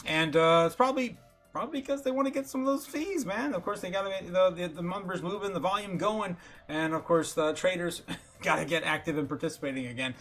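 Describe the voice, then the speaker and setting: A man hosting a casual livestream, talking excitably with lots of fillers and chuckles. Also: high voice, brisk, faint music behind. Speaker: livestream host.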